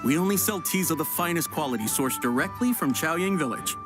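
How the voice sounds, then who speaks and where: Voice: medium pitch, animated, brisk, close to an everyday voice. An actor playing a fawning tea shop vendor. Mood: polite. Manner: smooth sales patter, stammers when flustered. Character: flustered, overly polite tea shop vendor. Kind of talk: video game voice acting. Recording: game audio with faint music.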